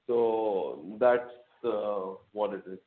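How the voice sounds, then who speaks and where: A man, a company executive explaining results to analysts in a measured way, with frequent fillers. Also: fairly low pitch. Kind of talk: earnings call answers. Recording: tinny phone line.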